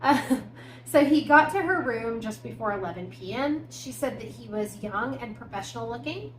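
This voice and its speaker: A somewhat high-pitched woman talks through a true-crime case like she's chatting with a friend. She keeps dropping in pointed little asides and fillers. Her voice rings around an echoey room with faint noise underneath. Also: lively intonation, moderate pace. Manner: conversational, recounting events with emphatic asides and fillers. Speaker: podcast co-host. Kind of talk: casual true-crime storytelling.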